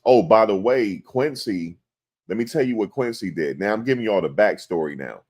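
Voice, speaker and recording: Man, casual commentary host, slangy and animated, lowish voice. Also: moderate pace. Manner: animated, slangy, acts out quotes in exaggerated voices. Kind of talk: casual live-stream commentary.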